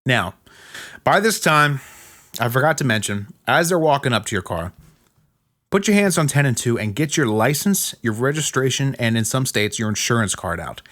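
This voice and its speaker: Emphatic man with a lively voice. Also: medium pitch, moderate pace. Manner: emphatic, gives blunt step-by-step instructions. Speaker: podcast host. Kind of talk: casual advice monologue.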